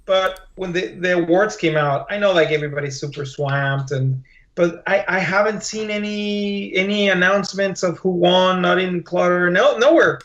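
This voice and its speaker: A man co-hosting a podcast, reacting with quick interjections in a casual chat. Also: high voice, a bit bright, echoey room, lo-fi sound.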